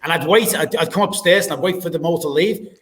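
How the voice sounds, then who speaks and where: High-voiced man telling stories. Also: fast talker. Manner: animated anecdotes, swears and laughs a lot. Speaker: guest, former doorman. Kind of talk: casual storytelling.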